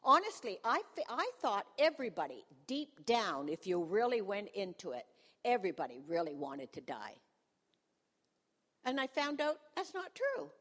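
A woman's voice: mid-range voice, wildly swooping pitch, moderate pace, fairly bright tone. A woman in her sixties, a pastor's wife, telling a humorous personal testimony to a congregation in a self-mocking, storytelling manner, in a church hall.

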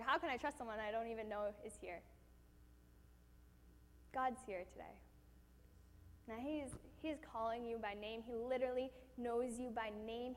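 Woman preaching in a reverberant hall. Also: on the high side. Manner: earnest, repetitive, addresses God directly. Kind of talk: sermon and closing prayer. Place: church hall.

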